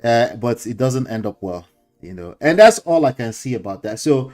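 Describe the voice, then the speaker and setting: A man's voice: mid-range voice, expressive, normal speed, a little mellow. A man with a Nigerian accent hosting a casual commentary show, lecturing his viewers, repeating his points and dropping in pidgin words. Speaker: host.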